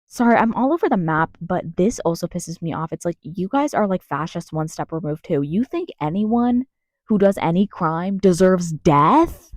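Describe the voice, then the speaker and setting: A woman's voice: on the low side, lively intonation, moderate pace, a little mellow, no room sound, clean studio sound. A young American woman ranting angrily in a vlog, swearing and restarting her sentences, recorded in her closet. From United States. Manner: angry, swearing, rambling with many restarts.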